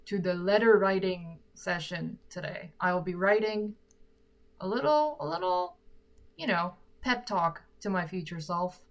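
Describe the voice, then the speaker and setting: Woman with an american accent chatting on a livestream from her room, kinda low voice, rambly and joking about herself. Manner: chatty and self-deprecating. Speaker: singer and livestream host. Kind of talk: casual livestream Q&A. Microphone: sock-covered microphone.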